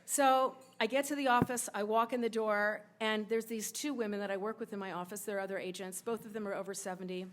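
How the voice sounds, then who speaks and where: A woman in her forties telling a true personal story on stage, emotional, rushing through some parts and slowing way down on others. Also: medium pitch, steady tone, slight background noise. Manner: emotional, quick bursts of telling with sudden slowdowns. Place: stage at a live event in a sports bar.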